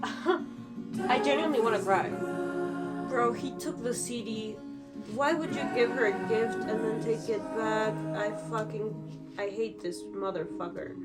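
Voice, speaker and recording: A young woman vlogging her reactions to a book, emotional and swearing freely, moving between loud outbursts and low muttering. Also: unhurried, over loud music. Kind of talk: casual reading vlog reaction.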